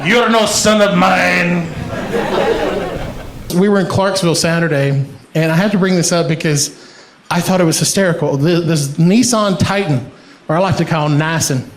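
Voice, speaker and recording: A man from Iran performs a stand-up set, his voice sitting high as he tells animated stories and laughs through his own punchlines. The sound bounces around an echoey live comedy room. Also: fairly quick.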